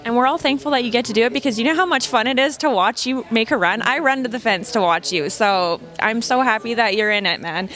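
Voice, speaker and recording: Upbeat female event interviewer, bubbly, encouraging, slightly high voice. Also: fast talker, few pauses, a bit bright.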